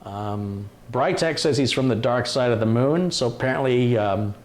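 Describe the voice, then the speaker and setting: A man hosting a casual live stream, reading out viewer comments with quick asides and laughs. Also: mid-range voice, animated. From Detroit, USA. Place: home computer workshop.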